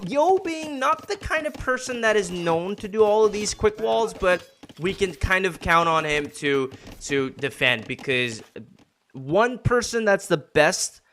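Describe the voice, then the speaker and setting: A man's voice: fairly high pitch, a bit bright, slight background noise. A man streaming from home, casting a strategy-game match with loose, jokey commentary that rambles and restarts. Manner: rambling, jokey, laughs often. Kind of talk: casual live game commentary.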